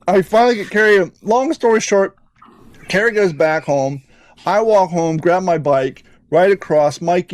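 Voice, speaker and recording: A man hosting a podcast, telling a rambling, profane story in an animated, casual way. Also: high-pitched, dry recording. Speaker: podcast host.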